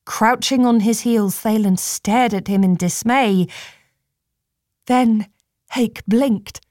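A woman narrating an audiobook in a measured, steady storytelling manner. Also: on the high side, no room sound, studio quality.

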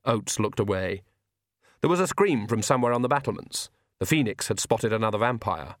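A man narrating an audiobook in a measured, wry way. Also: lowish voice, lively intonation, no echo, studio quality. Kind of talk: scripted narration.

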